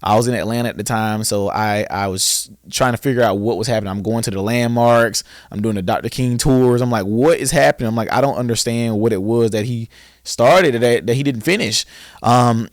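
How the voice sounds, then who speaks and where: A young man with a Southern American accent, the founder of a boys' school, appears as a podcast guest and earnestly tells his story, acting out the questions he once asked. He talks fairly quickly in a medium-pitched voice, captured in studio quality with no echo.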